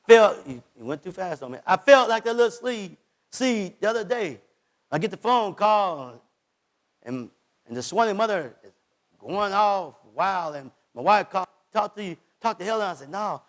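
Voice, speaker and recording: A male pastor a sermon, voicing God's words, swinging between shouted lines and hushed ones. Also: high voice, lively intonation, moderate pace.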